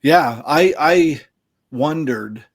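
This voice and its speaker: A man hosting a casual book discussion, thoughtful and musing, pausing to find his words. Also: a little high, animated. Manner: thoughtful, musing, trails off between ideas. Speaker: podcast host.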